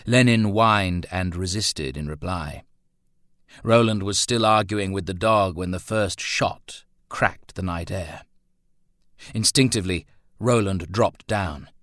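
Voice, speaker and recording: A man reads a thriller audiobook in a measured, steady way. His voice sits low. The sound is dry and close. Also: dry recording. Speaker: narrator. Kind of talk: audiobook narration.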